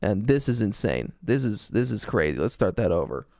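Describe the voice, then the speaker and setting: A man's voice: on the low side, very animated, moderate pace, gravelly, a little mellow, no room sound, clean studio sound. A man casually chatting as a streamer reacting to clips, rambling and swearing as he goes.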